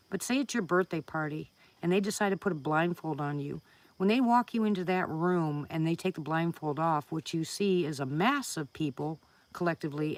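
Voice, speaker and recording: A woman hosting a casual live stream from home, chatting with viewers, greeting them by name and laughing often. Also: low voice.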